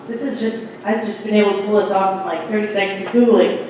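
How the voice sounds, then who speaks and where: A woman's voice: mid-range voice, fairly even intonation, fast talker, darkish tone, a little hiss or hum. Sarcastic woman emceeing in an echoey hall. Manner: sarcastic, listing things off. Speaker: event emcee. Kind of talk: casual public remarks. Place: town hall meeting in a large hall. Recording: echoey hall, distant mic.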